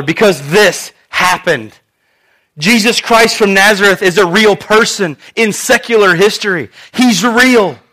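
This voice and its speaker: A male pastor with a notably high, bright voice delivers a sermon. He tells the story with humor and animated voices, laughing now and then. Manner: jokey and lively, laughs often.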